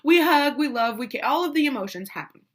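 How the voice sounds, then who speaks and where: High-pitched and fast, this woman in her thirties is a mother sharing a family story. Her telling is casual, emotional, and animated, with plenty of restarts and quoted voices.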